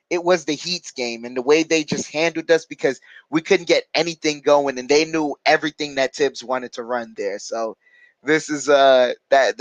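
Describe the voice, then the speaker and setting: Guy running a live hoops watch-along, kinda high voice, super dry sound, reads chat and rambles with lots of uhs. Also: dry recording, rough recording. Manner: casual, reads out viewer chat comments and replies; chatty, hesitant with frequent fillers. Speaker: watch-along stream host.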